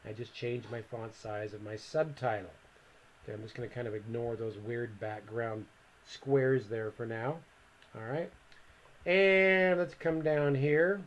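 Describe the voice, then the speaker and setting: A man giving a relaxed, step-by-step software tutorial, thinking aloud as he clicks through each command. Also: mid-range voice, a little slow. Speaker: computer instructor. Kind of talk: screen-recorded software tutorial.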